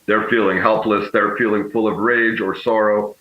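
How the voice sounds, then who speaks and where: A man speaking as a political strategist guest, measured and often correcting himself mid-sentence. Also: fairly low pitch, flat delivery. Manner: measured, frequently self-correcting. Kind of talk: remote guest commentary. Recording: echoey, muffled remote feed.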